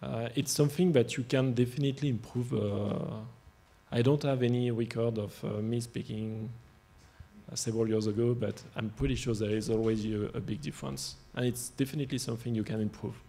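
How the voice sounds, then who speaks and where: Man, heavy French accent, gravelly voice, dark tone, earnest panelist. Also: medium pitch, steady tone, brisk. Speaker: startup CEO on a panel. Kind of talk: panel discussion answer.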